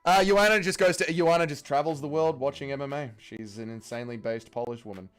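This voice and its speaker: A man's voice: medium pitch, fairly quick, clear, resonant tone. A man hosting a casual watch-along livestream, reading chat aloud and joking crudely, swearing freely. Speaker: livestream host.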